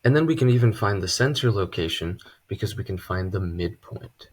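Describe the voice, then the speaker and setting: A man teaching a casual math lesson at a board, relaxed and chatty, with joking asides. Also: deep voice, a little fast, a little hiss or hum. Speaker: math tutor.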